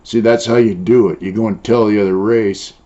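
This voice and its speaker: A man's voice: on the low side, steady tone, a little fast, warm tone. An older man from San Diego telling prison stories in a blunt, profane way, with many "uh" and "you know" fillers. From San Diego, Southern California. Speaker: former prisoner interviewee. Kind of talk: casual storytelling. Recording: dull lo-fi sound.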